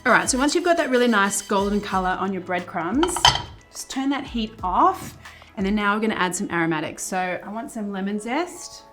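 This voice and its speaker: A woman's voice: mid-range voice, brisk, music in the background. A woman hosting a cooking show, chatting casually through a recipe as she cooks in a kitchen. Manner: chatty, relaxed, with fillers. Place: home kitchen.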